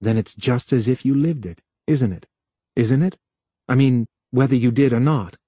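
A man voicing an earnest male technician who talks in an insistent, pleading way, often lower and quieter. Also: moderate pace, no echo, lightly acted. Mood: coaxing.

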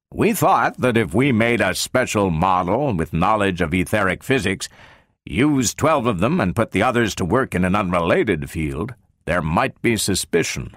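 A brisk, irritable general from an audiobook, read by a man. He explains in a lively, rising and falling way, with an impatient edge. The sound is dry. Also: lowish voice, no echo. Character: irritable male general in charge. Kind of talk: audiobook character reading.

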